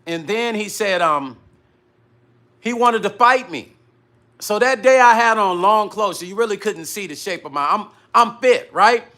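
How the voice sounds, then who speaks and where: A man's voice: sits high, measured pace. A middle-aged man hosting his own live vlog, animatedly retelling an incident in casual talk with frequent swearing. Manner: animated retelling that acts out dialogue, with frequent profanity. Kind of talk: casual live-stream storytelling.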